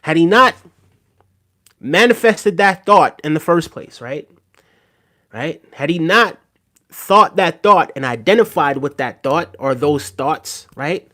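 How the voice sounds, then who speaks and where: A man's voice: a little high, lively intonation, slow, bright, forceful tone. A man hosting a livestream in a casual, unscripted way, talking to viewers with many fillers, repeated phrases and frequent checks of "right?". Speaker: livestream host reading viewer comments.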